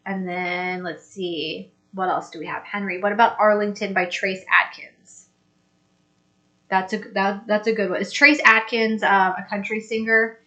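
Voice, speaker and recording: A woman's voice: medium pitch, steady tone, unhurried, bright, forceful tone. Upbeat chatty woman hosting a live stream. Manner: upbeat, chatty, thinking aloud. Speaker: host. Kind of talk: casual live-stream chat reading viewer comments.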